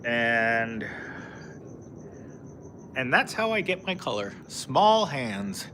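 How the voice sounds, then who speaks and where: A man's voice: medium pitch, very animated, drawn-out words, sharp tone, a little hiss or hum. A man live-streaming outdoors, chatting casually with viewers and reading their comments, rambling with lots of fillers and frequent laughs. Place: outdoors in a park.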